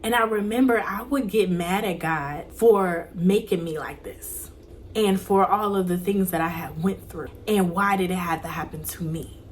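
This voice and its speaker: A young woman with a slightly low voice shares a personal faith testimony straight to camera. She talks earnestly, leaning on repetition and emphasis, and at times sinks into soft, breathy near-whispers. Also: normal speed, slight background noise. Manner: drops to soft near-whispers when reliving prayers. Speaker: vlogger.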